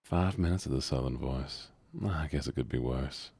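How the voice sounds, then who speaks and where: Casting note: deep husky male streamer, soft-spoken and half-whispered, dark tone. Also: normal speed, dry recording.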